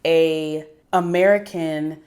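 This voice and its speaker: Low-voiced woman chatting casually. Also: fairly even intonation, slow, darkish tone. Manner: chatty, rambling, self-correcting asides. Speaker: vlogger. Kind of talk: casual chat to camera.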